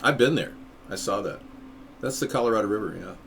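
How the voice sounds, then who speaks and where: A man's voice: on the low side, animated, brisk, creaky, a bit bright, slight background noise. A man who is a third-party presidential candidate, hosting a live stream in rambling, easygoing chat.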